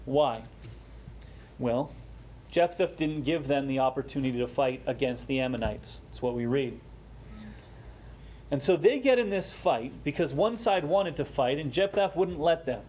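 A man preaching a sermon, explaining a scripture passage with rising emphasis and quieter, slower asides. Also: medium pitch, expressive, slight background noise. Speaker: pastor.

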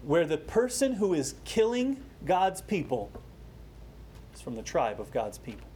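A man preaching a sermon, explaining a scripture passage with rising emphasis and quieter, slower asides. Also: a little high, big pitch swings, slight background noise. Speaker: pastor.

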